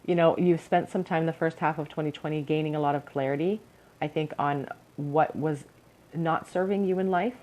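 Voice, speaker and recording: Young woman doing a tarot pick a card reading, low voice, earnest and encouraging. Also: steady tone, normal speed, warm tone, poor audio. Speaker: tarot reader.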